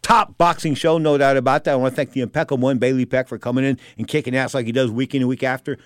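A man hosting a boxing radio talk show, hoarse as his voice gives out, rambling with repeated stock phrases. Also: mid-range voice, steady tone, quick pace, no room sound. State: hoarse, voice giving out.

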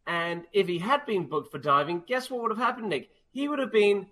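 A man's voice: high voice, fairly quick, fairly bright tone. A man co-hosting a sports talk radio show, giving firm opinions in a dry, matter-of-fact way on a studio mic. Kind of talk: casual sports radio chat.

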